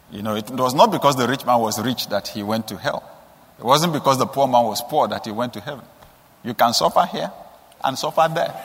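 A man's voice: a bit bright, slightly rough. Man preaching in a ringing hall. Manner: storytelling, with rhetorical questions and sudden high emphatic rises. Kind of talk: sermon.

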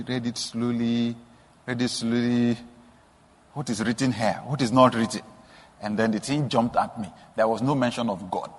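A man preaching a sermon, telling stories with soft asides and sudden emphatic rises. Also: mid-range voice. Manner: storytelling with rising emphatic bursts and soft asides. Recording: long hall reverb.

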